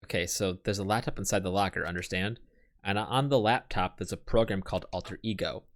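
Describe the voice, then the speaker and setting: A man's voice: deep voice, a little fast. A man streaming, reading a visual novel aloud with sarcastic, swearing asides.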